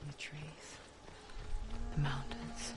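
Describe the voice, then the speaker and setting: A voice actor playing an unseen voice that whispers in a hero's head, breathy and confiding, in a whispered role-play. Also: medium pitch, level tone, over loud music. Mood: eerie. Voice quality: breathy, hushed, unvoiced whisper. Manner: slow, intimate, confiding. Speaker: whispering inner voice narrating.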